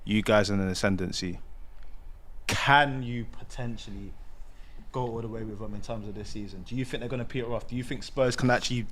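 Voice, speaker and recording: A man's voice: on the low side, brisk, crowd noise. A man hosting a football podcast, asking the panel questions casually and backing them with short "mm"s. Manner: asks questions and fills gaps with "mm". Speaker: podcast host. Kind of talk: casual chat.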